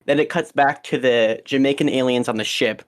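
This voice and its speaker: A man's voice: medium pitch, normal speed. A young man co-hosting a podcast, chatting casually and rambling with frequent ums and restarts. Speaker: podcast co-host. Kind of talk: casual chat.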